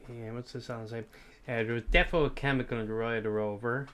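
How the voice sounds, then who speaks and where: A man's voice: mid-range voice, fairly even intonation, fast talker, fairly bright tone. A man with an Irish accent chatting casually to his live chat, rambling and swearing freely, sometimes eating sweets as he talks. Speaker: streamer.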